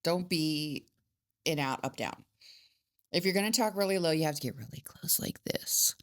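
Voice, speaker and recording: A middle-aged woman co-hosting a casual true-crime podcast, speaking in a calm, measured way with dry humor. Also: low voice. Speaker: podcast co-host, mother of the other host.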